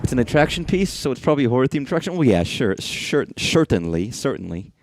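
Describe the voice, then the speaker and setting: A man's voice: medium pitch, sing-song, rapid-fire, a little mellow, a little hiss or hum. A man streaming a horror game, rambling and swearing freely as he talks to the things on screen. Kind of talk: casual live-stream commentary.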